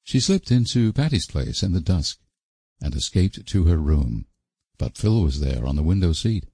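A man narrates a novel in a measured, expressive way. His voice is low, dark and a little husky, moving widely in pitch. The sound is close and dry. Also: no echo. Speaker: audiobook narrator. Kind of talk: scripted narration.

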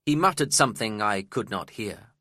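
A man reading a story aloud as its narrator, in a slow, measured and expressive way. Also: lowish voice, husky, no room sound, clean studio sound.

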